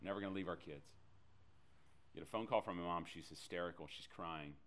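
A low-pitched man preaching from the pulpit, telling a personal story. His delivery is animated, with self-deprecating humor. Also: fairly quick. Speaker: pastor. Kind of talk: sermon storytelling.

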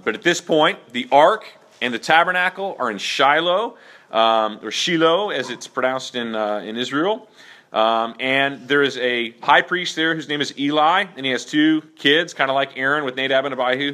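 A man leads a Bible lesson for a class in a bright, forceful voice. He talks casually and keeps checking in with his listeners, with plenty of fillers. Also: medium pitch. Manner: conversational, many fillers and check-in okays. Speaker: Bible teacher.

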